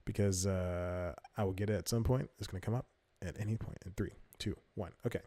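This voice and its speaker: A man's voice: sits low, fairly even intonation, a little fast, dark tone. A young man hosting a comedy podcast, rambling through casual commentary, correcting himself and laughing often. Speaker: podcast host.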